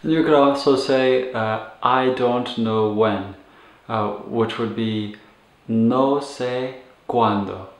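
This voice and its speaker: Man, relaxed teacher, slow measured speech, mid pitch, many fillers, roomy echo. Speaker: medical Spanish teacher. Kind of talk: casual teaching. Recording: echoey room.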